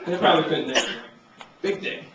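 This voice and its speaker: High-voiced man doing stand-up, distant and roomy. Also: fairly quick, noisy background. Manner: laid-back rambling delivery, acts out characters in raised voices. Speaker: stand-up comedian. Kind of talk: stand-up comedy set. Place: comedy club stage. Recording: distant, roomy, muffled amateur club recording. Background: audience laughter.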